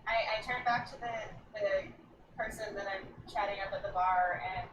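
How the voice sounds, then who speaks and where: A woman playing a tabletop game, talking briskly and reacting quickly. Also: medium pitch. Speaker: player. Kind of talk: casual tabletop play. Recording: distant echoey mic with faint noise.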